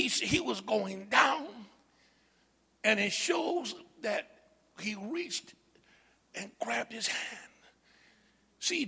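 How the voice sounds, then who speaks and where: A man preaching a sermon, calling out to the congregation and building from quiet asides to loud shouts. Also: high-pitched, vocal fry, slightly rough, big-room sound.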